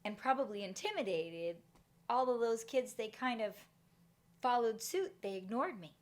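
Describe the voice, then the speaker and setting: A woman's voice: fairly high pitch, normal speed. A middle-aged woman giving a motivational talk, telling a personal story and acting out the voices in it. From Canada. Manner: animated, acts out voices in her story. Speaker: motivational speaker.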